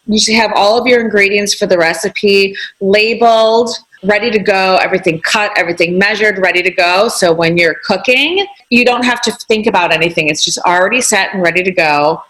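A woman chef talks through a recipe in a relaxed, matter-of-fact way. She explains things step by step, like casual advice on a podcast. Her voice sits in an ordinary middle pitch. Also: moderate pace, low-quality recording. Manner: practical, easygoing, explains step by step. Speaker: chef guest.

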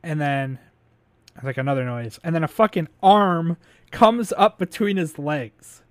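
A man with a slightly higher voice retells a film's plot in a loose, rambling way, full of "like" and "um", now and then swearing and chuckling. The sound is dry and close, with no room around it. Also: a little slow, dry recording. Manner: rambling, filler-heavy retelling with frequent laughs; swears casually. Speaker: podcast host recapping a movie. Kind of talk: casual chat.

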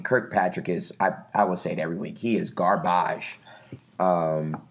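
A man with a lowish voice talking casually about football, pausing often and filling gaps with ums. The recording sounds dull and lo-fi, with the highs rolled off. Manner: hesitant, many fillers. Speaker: podcast co-host. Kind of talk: casual sports chat. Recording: dull lo-fi audio.

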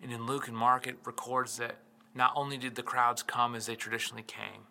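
A man's voice: mid-range voice, flat delivery, fairly quick, creaky, pushed and bright. A man, a pastor, preaching a sermon with impassioned delivery, retelling scripture stories and building in intensity. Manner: storytelling scripture accounts.

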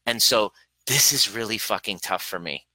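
A man's voice: on the low side, measured pace, bright, forceful tone, dry recording, poor audio. A man coaching a live online workshop on boundaries, blunt and swearing freely, acting out the voices in his head. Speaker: relationship coach.

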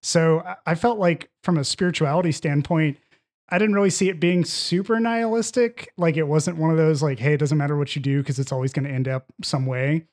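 A man's voice: on the high side, fairly quick, darkish tone. Rambling man in casual chat. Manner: rambling, many fillers and restarts. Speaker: podcast co-host. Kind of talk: casual film discussion.

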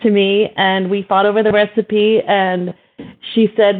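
Middle-aged woman telling her story, chatty and animated, lots of ums, sounds thin like a phone line. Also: mid-range voice, normal speed. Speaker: hummus company founder. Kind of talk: storytelling interview guest.

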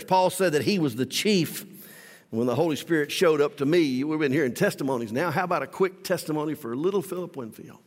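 A male pastor preaching a sermon in a church, emphatic, swinging from loud declarations to soft asides. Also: a little high, expressive, a little fast, in a large hall.

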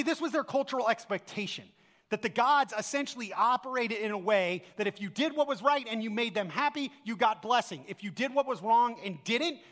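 In a church sanctuary full of long hall reverb, a man serving as pastor delivers an earnest sermon packed with rhetorical questions. His voice sits high with a fairly bright tone.

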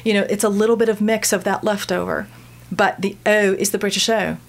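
A woman from the United States working as a dialect coach, explaining vowel sounds lively and sounding out examples as she teaches. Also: mid-range voice, brisk, gravelly.

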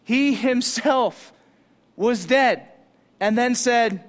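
A male pastor preaching a sermon in an animated, casual, conversational way, using slang. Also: high voice, moderate pace, long pauses.

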